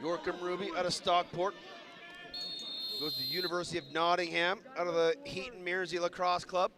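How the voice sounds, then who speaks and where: A man calling a lacrosse game live, rattling off names quickly and shouting on goals and saves. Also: high voice, level tone. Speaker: play-by-play commentator. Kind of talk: live sports commentary. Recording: loud stadium crowd behind.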